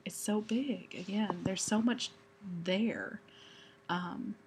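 A woman's voice: mid-range voice, takes it slowly, slight background noise. A woman from Texas with a Texan accent, chatting casually as she answers a question challenge, rambling with many fillers and restarts. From Texas, USA. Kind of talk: casual chat.

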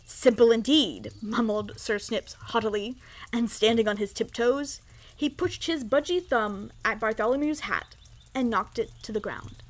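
A woman reading a children's story aloud in an expressive, lively way. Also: fairly high pitch, normal speed.

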